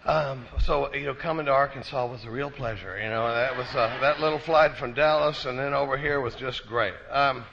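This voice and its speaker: A man's voice: medium pitch, a little fast, creaky, few pauses, fairly bright tone, a little hiss or hum. A middle-aged man from Texas giving a personal recovery talk at a conference, a folksy storyteller with self-deprecating jokes. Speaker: recovery meeting speaker. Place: conference hall. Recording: muffled live talk recording.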